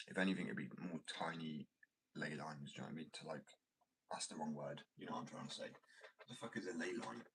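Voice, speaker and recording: A man's voice: very deep voice, fairly quick, fairly bright tone, a little hiss or hum, rough recording. A young man from Wales chatting casually on a livestream, rambling and swearing freely as he talks about his artwork. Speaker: streamer and artist.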